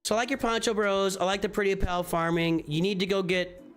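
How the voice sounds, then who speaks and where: A man with a slightly high voice talks through viewers' game rosters on a live stream. His talk is loose and casual, with restarts and repeated phrases as he thinks aloud. Faint music plays underneath. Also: level tone, a little fast, fairly bright tone.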